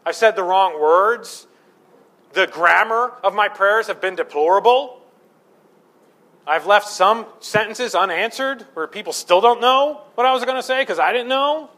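A man's voice: sits high, animated, unhurried, bright, forceful tone. A man preaching a sermon as pastor, conversational and self-deprecating, building to fervent emphasis.

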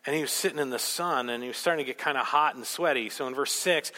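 A man preaching a sermon, emphatic and rhetorical, telling the story with animated asides. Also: medium pitch, brisk, big-room sound. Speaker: pastor.

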